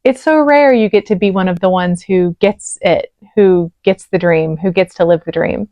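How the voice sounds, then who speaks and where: Her voice is lowish and mellow, at normal speed, recorded dry and close to the mic. Hosting a reaction video, she's chatty, gushing and choked up, leaning heavily on "like" as a filler.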